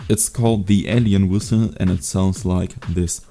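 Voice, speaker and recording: A young man teaching a beatbox sound in a casual home video tutorial, relaxed and hesitant, with many fillers. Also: low voice, moderate pace, loud music behind the voice. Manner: laid-back, hesitant with fillers. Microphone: USB desk mic.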